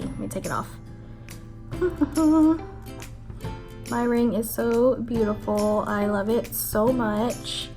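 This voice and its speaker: A young woman talks straight to camera in a casual vlog, her voice sitting a little on the high side. She tells her story in a chatty, animated way, full of "like" fillers. Soft music plays faintly underneath. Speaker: vlogger. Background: faint background music.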